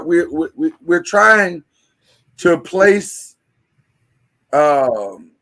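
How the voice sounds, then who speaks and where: Man, podcast host, casual discussion, emphatic, slightly high voice. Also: fairly bright tone. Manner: emphatic, repeats words when starting a thought.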